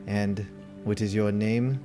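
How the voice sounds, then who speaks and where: A man's voice: lowish voice, steady tone, takes it slowly. A man voicing a polite, formal elderly male merchant in green robes, with music behind. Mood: courteous.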